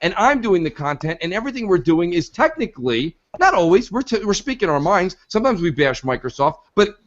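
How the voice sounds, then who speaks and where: A man with a high voice rants hard on a gaming podcast, emphatic and profane. The audio is dull and lo-fi, with a narrow, muffled sound. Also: very animated, brisk. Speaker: podcast co-host. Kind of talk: casual podcast rant.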